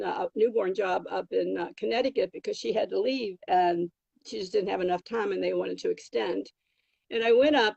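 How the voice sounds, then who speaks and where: A woman's voice: medium pitch, creaky, darkish tone, slightly rough, dry recording, lo-fi sound. An older woman, a travel nanny, telling rambling stories from her career in a casual interview. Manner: rambling, many fillers and restarts. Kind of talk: casual anecdotal storytelling.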